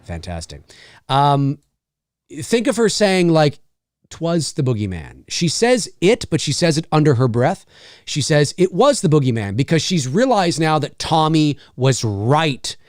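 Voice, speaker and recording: Lively, animated male movie commentator. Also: on the high side, measured pace, dry recording, clean studio sound. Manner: animated, showman-like, keeps saying "ladies and gentlemen". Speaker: podcast host.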